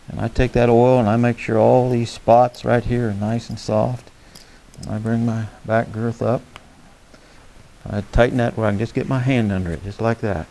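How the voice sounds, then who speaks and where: A horsemanship instructor shows how to care for a saddle beside his horse, speaking in a medium-pitched, creaky voice with a darkish tone. It's a hands-on demonstration delivered in a folksy, plain-spoken way, and he checks in with "okay?" as he works.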